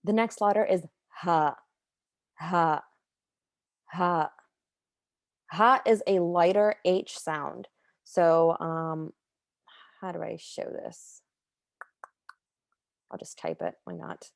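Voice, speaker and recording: A young woman with a low voice explains letter sounds in an easygoing, unscripted way, with plenty of fillers and self-corrections. She is recorded close to the mic in a dry space with no room sound. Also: fairly even intonation, takes it slowly, gravelly, long pauses, no room sound. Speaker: Quran recitation teacher. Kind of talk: casual tutorial.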